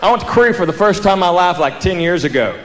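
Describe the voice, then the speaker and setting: A man's voice: high voice, lively intonation, fast. A man with a Southern American accent doing a stand-up comedy routine, telling drawling stories and laughing at his own punchlines. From United States. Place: theater stage before a live audience. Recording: roomy theater with audience laughter and background noise.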